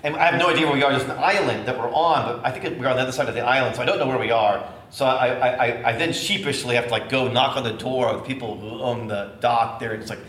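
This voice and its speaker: A middle-aged man preaching as a bishop, telling a personal story in an animated way and acting out the voices. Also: mid-range voice, fast, hardly any pauses. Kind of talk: storytelling sermon. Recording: echoey room with faint noise.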